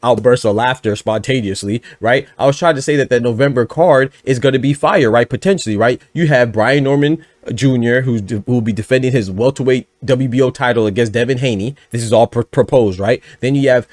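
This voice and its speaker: An energetic man talks boxing news in casual, rambling commentary, tossing in asides and bursts of laughter. His voice sits at an ordinary pitch. The sound is close and dry. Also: fairly quick, few pauses, no echo. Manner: energetic, chatty, full of asides and sudden laughter.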